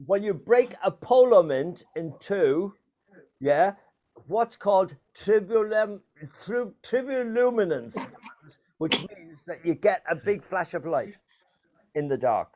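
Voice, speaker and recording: A man's voice: sits high, animated, slow, darkish tone. An older man hosting a playful true-or-false quiz over a video call, teasing his guests and laughing often. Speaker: quiz host.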